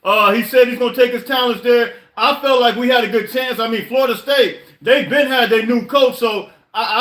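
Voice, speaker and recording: A man's voice: very high-pitched, a bit bright, reverberant. A man hosting a live podcast stream, venting his frustration in a casual, repetitive way with many stammered restarts. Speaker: podcast host.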